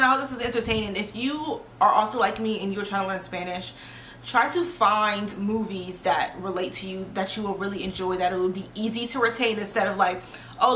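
A young woman talks casually to her viewers, piling on fillers and now and then dropping a swear word. Her voice sounds bright and sharp, and the recording carries a roomy echo. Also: mid-range voice, slight background noise. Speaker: vlogger. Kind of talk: casual chat.

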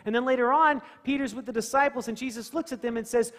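A man's voice: very high voice, fast talker, fairly bright tone, long reverb tail. A male pastor giving a conversational sermon in a church, asking the congregation questions and acting out scenes. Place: church sanctuary.

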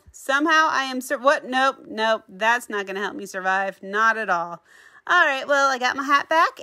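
A woman's voice: fairly high pitch, bright, forceful tone. A middle-aged woman giving playful, chatty commentary on her own gameplay as the channel's host, exclaiming often.

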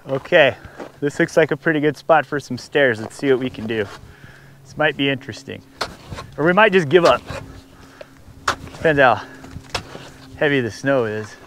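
Outdoors in the snow at a camp spot, a man records a camping vlog on an action camera, rambling, joking with viewers, and talking to his dog. His medium-pitched voice is expressive, at normal speed with frequent pauses. Background noise is present.

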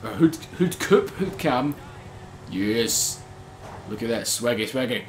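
A man giving casual gameplay commentary, excitable, swearing often and laughing a lot as he plays. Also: mid-range voice, slow, a little hiss or hum. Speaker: gaming channel host.

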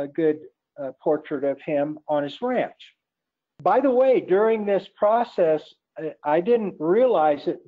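A man, a portrait photographer being interviewed, telling a rambling anecdote and acting out the dialogue he quotes. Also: fairly high pitch. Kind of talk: casual anecdotal storytelling. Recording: tinny phone-like line.

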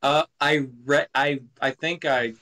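A man's voice: fairly high pitch, fairly even intonation, measured pace, sharp tone. A man hosting a podcast in casual chat, joking in a playful, dramatic way. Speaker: podcast host.

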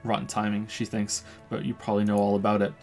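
A man with a fairly low voice reads a video game's dialogue and narration aloud during a stream, dropping in dry, wry comments of his own. Faint music plays underneath. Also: monotone, fast, a little mellow. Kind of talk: casual game playthrough narration.

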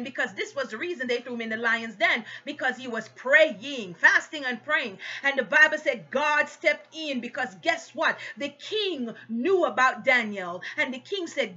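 Woman, sermon, passionate preaching, bright voice, muffled lo-fi sound. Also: high-pitched, animated, normal speed. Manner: passionate, exhorting preaching with rising emphatic peaks.

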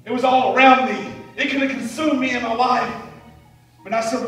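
A male evangelist preaching fervently, swinging from shouted praise to quiet storytelling with laughing asides. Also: very high voice, fairly even intonation, fairly quick. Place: church sanctuary. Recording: echoey church hall, mic at a distance.

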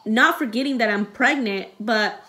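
A young woman talks straight to her audience in a rambling storytime vlog, full of fillers. Her voice sits a bit high, and she sounds close to tears as she recounts events. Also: moderate pace, pushed and bright, soft background music. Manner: rambling and emotional, many fillers. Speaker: vlogger.

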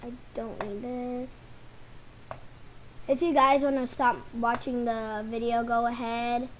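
A young woman hosting a gaming channel rambles casually to her viewers while sorting game items. Her voice is on the high side, slow and flat, on a rough recording with slight background noise.

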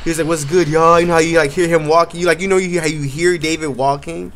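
A young man hosting a gaming let's play, talking in excitable, slangy bursts and telling funny stories to his friends over a headset. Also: fairly high pitch, fast talker, slight background noise. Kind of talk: casual gaming banter.

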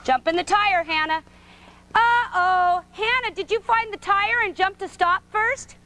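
A woman with a high voice leads a preschool gymnastics class indoors. She gives short, sing-song, encouraging directions. Faint background noise sits behind her. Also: a little slow, bright, forceful tone. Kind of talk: coaching young children in class. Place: indoor gym.

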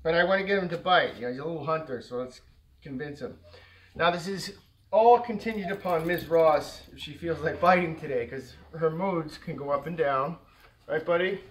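A dog trainer casually explains his method indoors at home during a training session, relaxed and chatty, slipping into high-pitched baby talk with the dogs. He speaks at a moderate pace, and the rough recording has a bit of hiss or hum.

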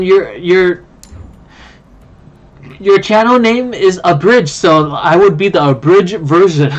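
An excitable streamer chatting to viewers during an online card game, who keeps apologizing to them. The talk is unhurried overall, with the pitch sitting in a middle range. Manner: excitable, apologetic, talks to chat. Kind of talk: casual live-stream chat.

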